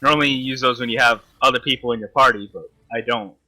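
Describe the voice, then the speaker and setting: A man's voice: mid-range voice, quick pace, bright, forceful tone. Swearing, frustrated young-sounding gamer man. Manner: frustrated, swearing constantly, talking to the enemy. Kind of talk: live gameplay commentary.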